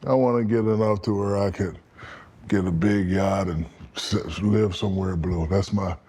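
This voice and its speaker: Profane low-voiced man telling animated stories. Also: normal speed, breathy edge. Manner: animated storyteller, profane, acts out quotes. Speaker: podcast guest. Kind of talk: storytelling in casual interview.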